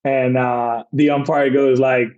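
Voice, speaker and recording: A man's voice: mid-range voice, flat delivery, unhurried, darkish tone, highs cut off, slight background noise. A man in his forties, a baseball manager, telling rambling stories as a podcast guest, full of fillers and acted-out quotes. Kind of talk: casual storytelling interview.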